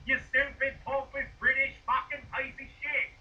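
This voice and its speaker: A man ranting loudly and profanely, mocking his opponent. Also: very high-pitched, monotone, moderate pace, far from the mic, dull audio. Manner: loud, profane, mocking rants. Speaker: video creator being rebutted. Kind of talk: ranting commentary.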